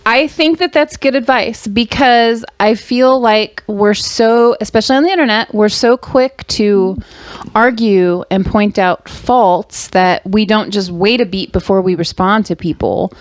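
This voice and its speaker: A woman's voice: mid-range voice, measured pace, no echo. A woman co-hosting a casual podcast, reading quotes aloud, laughing easily and explaining her take earnestly. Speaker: podcast co-host.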